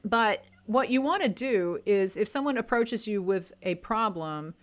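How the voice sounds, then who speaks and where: A woman's voice: mid-range voice, expressive, a little slow. A woman talks straight to camera, coaching online sellers in a casual, chatty way. She is plainspoken and often restarts or corrects herself mid-sentence as she explains. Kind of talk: casual advice talk to camera.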